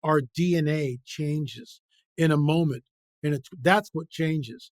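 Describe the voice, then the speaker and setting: A man's voice: on the high side, a little slow, no room sound, clean studio sound. A man speaking as a guest researcher in an interview, emphatic and repetitive, firing off rhetorical questions with passionate conviction. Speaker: guest author and biblical researcher. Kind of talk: impassioned interview talk.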